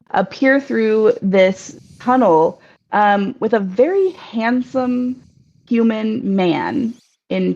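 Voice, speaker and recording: A woman narrating a tabletop game as game master, hesitant and full of pauses. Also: mid-range voice, gravelly, a little mellow. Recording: dull lo-fi recording.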